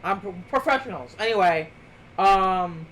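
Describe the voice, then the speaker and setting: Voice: mid-range voice, animated, unhurried, a bit bright, a little hiss or hum, rough recording. A streamer co-hosting a live show, chatting casually with blunt, sarcastic remarks and offhand swearing. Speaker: streamer co-host.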